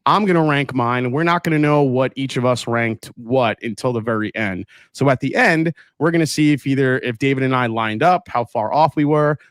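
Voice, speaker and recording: A man's voice: mid-range voice, moderate pace, hardly any pauses, dry recording, studio quality. A man hosting a casual livestream tasting, upbeat, greeting viewers by name and reading their comments aloud. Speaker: livestream host.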